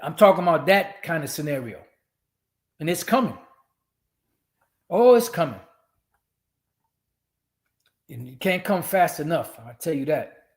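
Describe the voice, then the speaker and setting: A man's voice: a little high, big pitch swings, measured pace, long pauses. A man ranting religious commentary on a stream, profane, rambling and emphatic.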